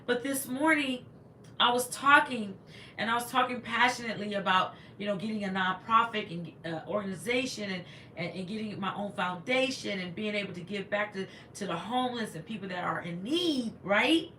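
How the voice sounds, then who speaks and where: A woman's voice: mid-range voice, normal speed, sharp tone, echoey room, a little hiss or hum. A woman, a teacher, chatting casually on a livestream, greeting viewers and rambling with stumbling restarts into a laptop microphone.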